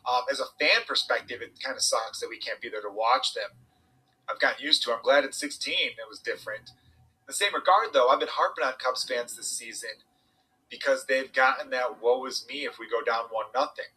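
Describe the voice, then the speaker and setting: Young male podcast guest, rapid and bright, husky edge, animated storyteller. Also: medium pitch, low-quality recording. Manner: animated storytelling, swearing, quoting others. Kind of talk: casual chat.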